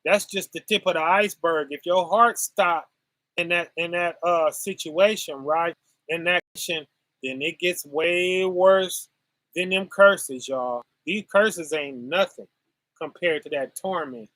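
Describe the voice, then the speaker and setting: A man's voice: a little high, a little slow, a bit bright, no echo. A man preaching informally on scripture in a folksy, repetitive way, tagging his points with "right?" and "y'all".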